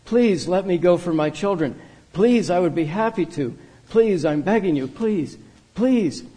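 A man voicing an anguished middle-aged father who cries and begs, his voice rising to shouts. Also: sits high, animated, unhurried, breathy edge, exaggerated voice. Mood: pleading. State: crying.

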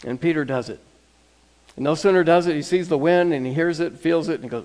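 Brief: a male pastor preaching casually, with repeated words and quiet emphatic endings. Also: fairly high pitch, fairly quick. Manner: conversational, repeats words, drops to soft emphasis. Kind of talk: sermon.

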